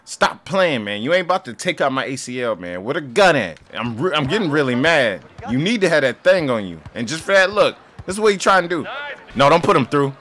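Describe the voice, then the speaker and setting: A young man gaming on camera and commentating his soccer match, joking, trash-talking the players and breaking into sudden yelling outbursts. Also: a little high, very animated, a little fast, slight background noise. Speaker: gaming YouTuber. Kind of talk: playing a soccer game and commentating.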